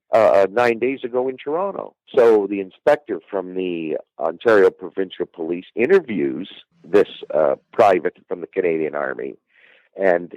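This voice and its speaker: A man telling a true-crime story as a podcast guest, halting with frequent fillers and restarts. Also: low-pitched, a little mellow, no room sound, lo-fi sound. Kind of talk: true-crime case retelling.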